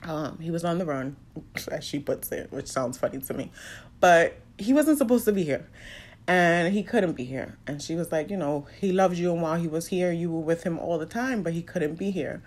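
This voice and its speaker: A woman's voice: on the low side, expressive, normal speed, a little mellow. A woman openly telling a personal story, emotional and fighting back tears. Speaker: podcast host sharing a personal story.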